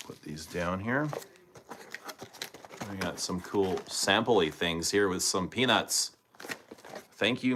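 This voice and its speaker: A man's voice: low-pitched, noisy background. A man hosting a casual live stream, chatting and thinking aloud as he unboxes and tries scents, talking to viewers by name. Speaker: livestream host reviewing fragrances.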